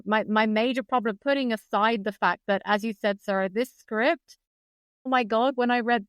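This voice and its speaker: Crisp, articulate British-raised woman. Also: mid-range voice, no echo. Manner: articulate, precise, opinionated. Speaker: guest biographer. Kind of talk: podcast discussion.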